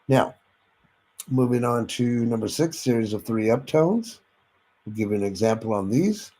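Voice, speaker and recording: Male sales trainer, lowish voice, instructive delivery that demonstrates tones and checks in with listeners. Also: darkish tone, poor audio. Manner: instructive, addresses listeners directly with frequent "okay?"; demonstrates vocal tones and inflections while teaching.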